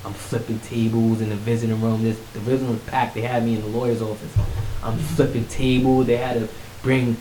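A man casually telling his life story in conversation, animated, acting out what others said. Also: a little fast, few pauses. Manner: animated, acts out quotes with rising pitch. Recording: echoey room with faint hiss.

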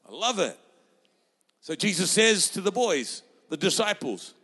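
Fervent high-voiced preacher in a reverberant hall. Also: male voice, very animated, measured pace, pushed and bright, slightly rough. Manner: fervent, rousing, quoting scripture in acted voices. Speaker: pastor. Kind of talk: sermon.

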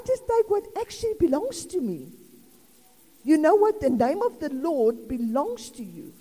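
A woman's voice: sits high, sing-song, unhurried, dark tone. A South African woman in her sixties preaching an informal sermon in a chatty, rambling way with laughing asides. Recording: long reverb of a hall.

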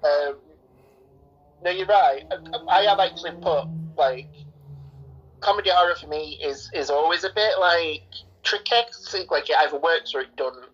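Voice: medium pitch, normal speed, fairly bright tone, slightly rough, muffled recording. A podcast co-host in a casual film review chat, hesitant and thoughtful, often restarting sentences.

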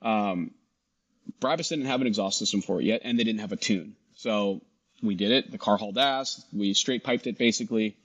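A middle-aged man, a guest in a casual interview, telling his story with animated dialogue and frequent restarts. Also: on the low side, moderate pace. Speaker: guest, shop founder.

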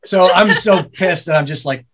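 A man with a fairly high voice tells a story in a loose podcast chat. He is animated and swears freely, often laughing between sentences. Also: normal speed, background noise. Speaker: podcast guest, business co-owner. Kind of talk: casual storytelling conversation.

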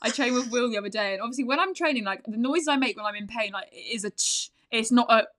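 Fast-talking woman, bright chatty voice. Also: on the high side. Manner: talks fast, barely pausing for breath; laughs often, swears casually. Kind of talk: casual chat.

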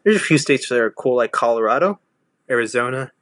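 A man's voice: mid-range voice, animated, fairly quick, fairly bright tone, no echo. A man from Texas with a Southern accent, chatting casually, rambling with lots of restarts and fillers. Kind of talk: casual chat.

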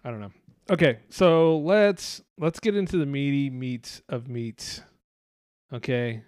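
A man's voice: medium pitch, a little slow, a little mellow, dry recording, studio quality. A man hosting a podcast in casual chat. He rambles, swears a lot and laughs often. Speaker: podcast host.

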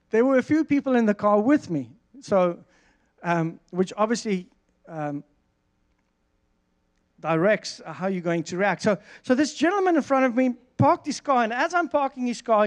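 A man preaching a sermon, reading verses and telling a lively personal story with frequent restarts. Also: sits high, unhurried, pauses often. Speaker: pastor.

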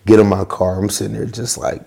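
A young man, a podcast guest and worship leader, telling a story casually in an animated, slangy way. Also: on the low side, fairly quick, gravelly, slightly rough.

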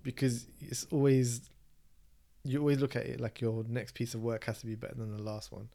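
Gravelly low-key man chatting. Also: little pitch movement, brisk, mellow. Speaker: podcast co-host. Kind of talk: casual chat.

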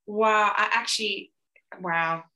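A woman hosts a casual podcast conversation, reacting to her guest with enthusiastic interjections. Her voice has a bright, forward edge, with pitch in the middle of the range for a woman. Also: slow. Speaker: podcast host.

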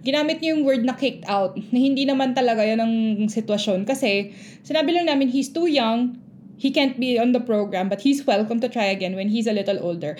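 A woman's voice: on the high side, a little fast, a little mellow, a little hiss or hum. A woman, a teacher telling a story in casual chat and acting out the people in it. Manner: mixes languages, acts out quoted kids and adults.

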